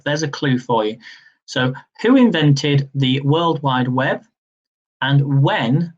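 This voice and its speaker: A young man hosting a live-streamed quiz, reading each question slowly, repeating it, and adding chatty asides. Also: mid-range voice, muffled recording. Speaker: quiz host.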